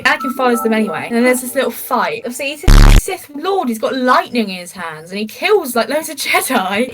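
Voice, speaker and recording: Excitable woman with music behind. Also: a little high, low-quality recording. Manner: excitable, gushing, swears a lot. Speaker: host. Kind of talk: comedic movie recap.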